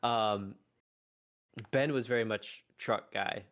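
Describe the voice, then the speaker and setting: A man's voice: lowish voice, takes it slowly, a bit bright. A man in his thirties, a podcast co-host and father of three, chatting casually with lots of "like" and "um". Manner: loose, filler-heavy questions. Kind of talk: casual chat.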